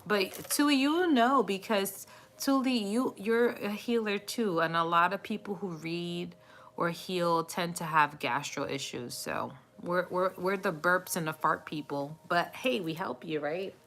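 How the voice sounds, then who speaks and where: A woman reads tarot cards live in a chatty, reassuring manner, often pausing on fillers. Her voice is bright and forceful, sitting a little low, with a faint hum behind it. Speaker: tarot reader. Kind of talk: live tarot reading, casual chat.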